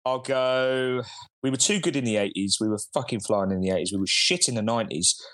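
A man's voice: mid-range voice, a little fast, fairly bright tone. A man playing along in a podcast quiz, swearing a lot and grumbling at himself. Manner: swearing, self-mocking grumbling. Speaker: podcast co-host and contestant. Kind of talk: casual chat.

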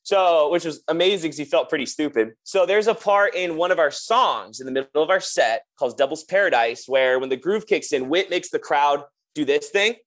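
A man, a touring drummer, chatting casually and telling lively stories, acting out what others said. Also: on the high side, a little fast, hardly any pauses. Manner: animated storyteller, acts out quotes. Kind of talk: casual chat.

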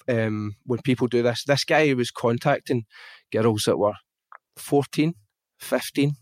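With no room sound around him, a mid-range-voiced man from Glasgow talks as a guest on a podcast. He's lively and outspoken, relating a personal experience conversationally and swearing freely now and then.

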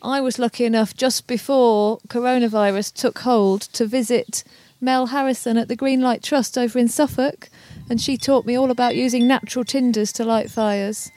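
A woman's voice: fairly high pitch, fairly even intonation, moderate pace, hardly any pauses, darkish tone. A woman, a parent, recapping the day's activities with her child and coaxing answers with tag questions.

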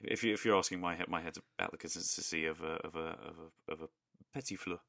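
A man's voice: deep voice, fairly even intonation, fast talker, vocal fry, crowd noise. A man co-hosting a podcast, chatting casually in goofy, playful banter. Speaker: podcast co-host. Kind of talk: casual chat.

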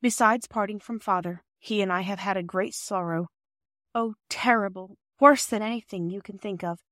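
A weary, loving mother from a classic storybook, voiced by a woman narrator. She speaks softly and gently, with a medium-pitched voice. The recording is close and dry. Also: moderate pace, dry recording, lightly acted. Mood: tender, weary. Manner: soft, tender, low-key.

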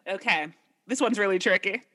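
A woman's voice: mid-range voice, moderate pace, sharp tone. A woman co-hosting a podcast in casual chat, reading out quiz questions and laughing often. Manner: giggly, playful, laughs a lot. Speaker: podcast co-host.

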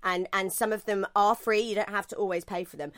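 A British woman co-hosts a casual podcast with a bright, forward voice. She talks in a chatty, animated way, swearing freely and mocking herself as she tells stories. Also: medium pitch, a little fast. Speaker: podcast co-host.

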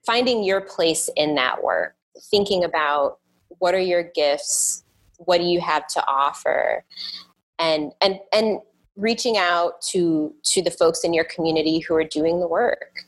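A woman with a somewhat low voice, chatting as a podcast guest. she speaks thoughtfully and often stops to restart or repeat her words. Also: a little slow. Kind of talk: casual interview chat.

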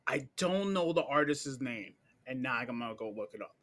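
A man's voice: medium pitch, lively intonation, normal speed, a bit bright. A man co-hosting a podcast, recommending comics in an enthusiastic, emphatic casual way. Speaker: podcast co-host.

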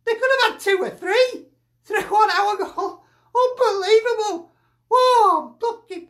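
A woman's voice: extremely high pitch, measured pace. A woman delivering an exasperated, sweary fan reaction, sighing and grumbling.

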